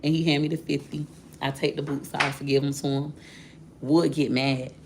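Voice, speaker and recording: A woman with a low, gravelly voice telling her viewers a personal story. She talks candidly and directly to them, in a loose, chatty way. A faint hiss sits under the recording. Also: flat delivery, moderate pace. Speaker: vlogger.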